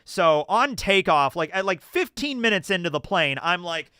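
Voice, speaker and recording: Recorded dry with clean studio sound, a young man from the US talks in a high-pitched, smooth voice at a moderate pace. He's casually livestreaming, answering chat questions and rambling through stories full of fillers in an animated way.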